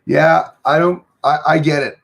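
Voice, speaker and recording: Gravelly, husky man rambling. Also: a little high, steady tone, unhurried. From Canada. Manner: rambling, chatty, lots of fillers. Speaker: channel host reading live chat. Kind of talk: casual livestream chat.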